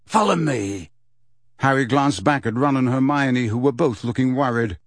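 A man reading a children's fantasy novel aloud as narrator, in a measured storytelling manner. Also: medium pitch, dry recording. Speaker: audiobook narrator. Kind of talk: scripted narration.

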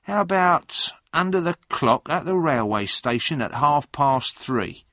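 Man playing a greedy shifty informer, demanding and threatening, lively pitch, dry sound. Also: unhurried, no echo, exaggerated voice.

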